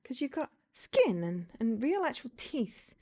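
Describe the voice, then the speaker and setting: A woman voicing a bubbly lost soul, high and sing-song. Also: very animated, a little slow, full character voice. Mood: cheery. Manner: bubbly, chatty, bright. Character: cheery ageless soul lost in purgatory. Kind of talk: reading a visual novel aloud.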